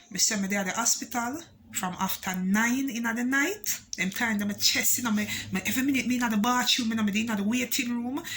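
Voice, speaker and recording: A woman with a Jamaican accent telling a personal story for her vlog, switching between patois and English with animated emphasis. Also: on the high side, a little hiss or hum. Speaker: vlogger.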